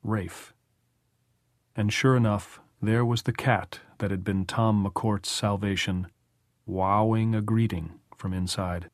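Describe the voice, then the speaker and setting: A man narrating an audiobook in measured, even storytelling. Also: on the low side, dry recording, clean studio sound. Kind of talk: scripted narration.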